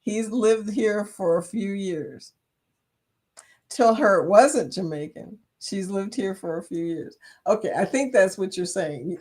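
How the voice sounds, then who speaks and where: This livestream host, a Chicago woman of medium pitch and darkish tone, keeps things casual as she reads her viewers' comments out loud and laughs a lot.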